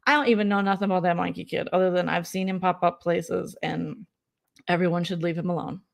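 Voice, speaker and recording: A woman's voice: fairly low pitch, steady tone, fairly quick, creaky. A woman hosting her own vlog in a casual late-night chat, blunt, gossipy and profane. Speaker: vlog host.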